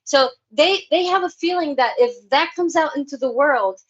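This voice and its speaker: Spanish woman guest, high voice, dull muffled line, animated storyteller. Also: moderate pace. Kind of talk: casual chat. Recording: dull, muffled remote audio.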